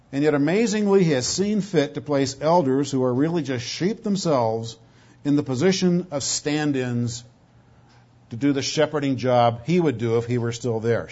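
A man preaching a sermon, emphatic, swinging from loud stretched words to low asides, often repeating words as he goes. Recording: dull lo-fi recording.

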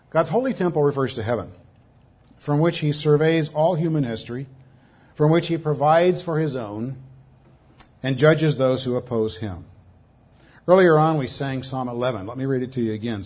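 A man's voice: mid-range voice, lively intonation, moderate pace, long pauses, darkish tone, lo-fi sound. A man preaching a sermon, reading scripture aloud with emphatic stresses. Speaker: pastor.

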